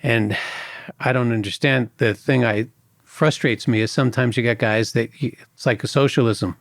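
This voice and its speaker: A man, a former agent telling lively stories in a podcast interview and acting out other people's voices. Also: medium pitch, normal speed, no room sound. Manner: animated anecdotes, acts out other people's voices. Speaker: former FBI agent guest.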